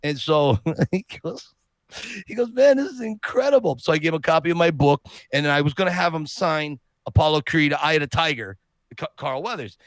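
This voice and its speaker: A man on a podcast telling an animated personal story, acting out the people he quotes. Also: fairly high pitch, brisk, dry recording. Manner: lively anecdote teller who acts out quotes. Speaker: podcast guest.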